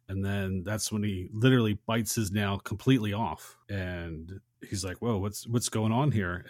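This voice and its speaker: Low-voiced man retelling a film scene. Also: no echo, studio quality. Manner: retells scenes in long chains of "and". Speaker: podcast co-host. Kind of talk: casual film discussion.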